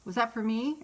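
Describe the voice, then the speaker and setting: A middle-aged woman hosting a casual live stream, candid and rambling, who laughs often and swears freely. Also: a little high. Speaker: meditation host on a live stream.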